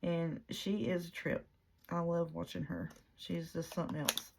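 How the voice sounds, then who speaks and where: A woman's voice: fairly low pitch, level tone, measured pace, gravelly, heavy background noise. A woman chatting casually while she works on a junk journal, rambling with many fillers and restarts. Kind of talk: casual chat while crafting.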